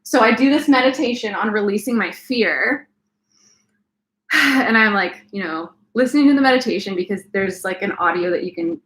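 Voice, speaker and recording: A young woman co-hosting a casual live chat, telling a personal story in an animated way, often saying "like". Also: medium pitch, normal speed, echoey room. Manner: animated, breaks into laughs and shrieks while retelling. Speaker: co-host of a live stream.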